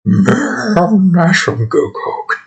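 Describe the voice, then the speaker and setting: Man doing a whimpering, coked-up bear, giddy cries jumping up high. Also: wildly swooping pitch, extremely slow, vocal fry, muffled recording, heavily acted. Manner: whimpering, strained exclamations.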